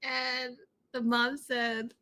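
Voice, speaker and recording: A woman's voice: high voice, level tone, extremely slow, bright, forceful tone. A woman hosting a reality TV recap show, chatting casually and animatedly, laughing often and calling her viewers y'all.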